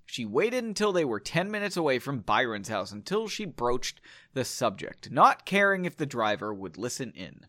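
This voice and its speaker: A man's voice: mid-range voice, very animated, normal speed, fairly bright tone, no echo, studio quality. A man reading a story aloud, breaking off for self-mocking, joking asides. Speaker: story reader. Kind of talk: casual read-aloud with commentary.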